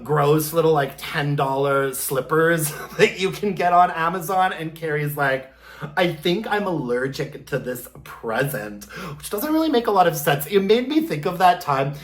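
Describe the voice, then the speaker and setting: A vlogger recaps a TV episode in a loose, chatty way. The talk rambles with plenty of filler words and playful spoken sound effects, and the voice sits at a middle pitch. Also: moderate pace, few pauses. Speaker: candle review vlogger.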